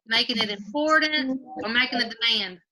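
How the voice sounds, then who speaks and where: A woman's voice: on the high side, normal speed, pushed and bright. A woman teaching a grade-school class over a video call from home, patiently quizzing pupils by name and repeating her questions.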